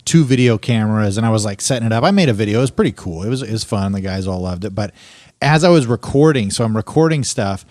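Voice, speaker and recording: A young man on a podcast telling a story in casual chat, acting out quotes in a raised, animated voice. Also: on the low side, quick pace, dry recording, clean studio sound. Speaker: podcast co-host.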